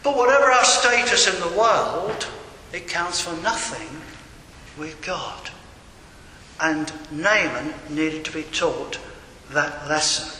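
A man's voice: fairly high pitch, slow, pushed and bright. An older man preaching a sermon in a conversational manner, with wry digressions. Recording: echoey hall with faint room noise.

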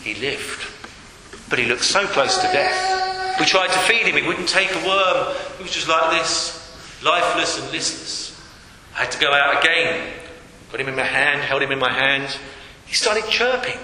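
A man preaches a sermon in a church hall, his high-leaning voice very animated, pushed and bright at a moderate pace. He's emphatic and repeats his key phrases, and the echoey hall adds long reverb and faint noise.

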